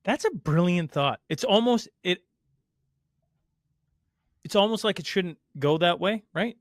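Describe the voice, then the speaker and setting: A man hosting a podcast, thinking out loud in a casual, rambling way. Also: high-pitched, expressive, measured pace, no room sound, studio quality. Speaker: podcast host. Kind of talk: casual conversational interview.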